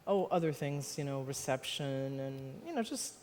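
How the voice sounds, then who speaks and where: A woman's voice: a bass voice, lively intonation, moderate pace, darkish tone, big-room sound. An American woman, the guest author, talking onstage before an audience in a rambling, self-deprecating way with frequent laughs. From United States. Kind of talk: live onstage conversation. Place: stage in a large hall before an audience.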